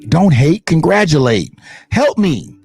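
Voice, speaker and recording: A man's voice: fairly high pitch, sing-song, slow, gravelly, darkish tone, slightly rough, soft background music. A man hosting his own online show, talking in blunt, profane, emphatic casual commentary.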